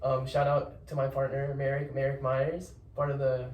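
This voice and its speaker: A young man, a podcast guest, telling a story in casual chat. He rambles, repeats words and gives lots of shout-outs. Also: mid-range voice, completely flat delivery, normal speed. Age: young adult. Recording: roomy echo, distant mic, faint noise.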